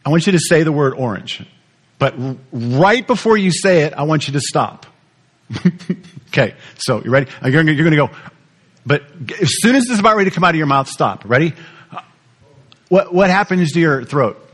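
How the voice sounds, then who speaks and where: Male pastor, slightly high voice, animated teaching sermon delivery. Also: brisk, long pauses, breathy edge. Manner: animated teaching, repeats words, asks the audience questions.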